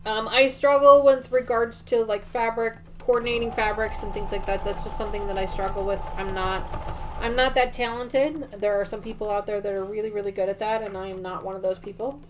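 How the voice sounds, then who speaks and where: A woman's voice: medium pitch, steady tone, brisk, slight background noise. Middle-aged woman, casual quilting livestream host at home; mid-range voice, rambling, filler-heavy chatter. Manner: chatty, rambling, many ums and restarts. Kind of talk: casual chat while sewing.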